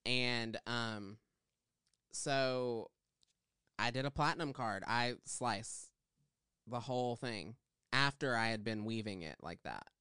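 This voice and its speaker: A man's voice: mid-range voice, slow, pauses often, sharp tone, clear, resonant tone, no echo, studio quality. A man co-hosting a podcast, casually telling a long salon story with lots of fillers. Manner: chatty, rambling with fillers. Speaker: podcast co-host, hairstylist.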